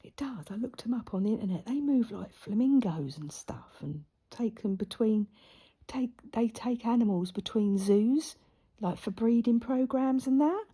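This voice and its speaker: A woman's voice: a little high, lively intonation, moderate pace, dark tone, husky. A woman casually telling a story while she sews, chatty and laughing often. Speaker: crafter and vlogger. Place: at home in front of a camera.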